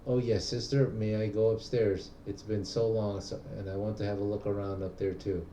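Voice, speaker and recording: A man's voice: lowish voice, level tone, moderate pace, mellow, reverberant, distant mic, a little hiss or hum, lightly acted. A man reading as a spirited young woman. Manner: reads game text aloud in a plain voice.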